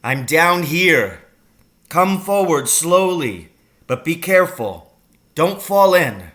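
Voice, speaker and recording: A man voicing an injured, gentle father who calls out and reassures his son in a storybook reading. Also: medium pitch, measured pace. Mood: reassuring.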